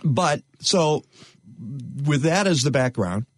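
A man hosting an interview, asking questions in an animated, wry manner. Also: a little high, slow, no room sound, studio quality. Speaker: interview host. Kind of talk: conversational interview.

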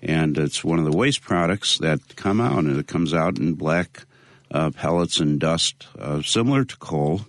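A man being interviewed, speaking in a measured way with many pauses and fillers. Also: rumbling low, animated, no room sound. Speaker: interview guest, local activist. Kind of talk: conversational interview.

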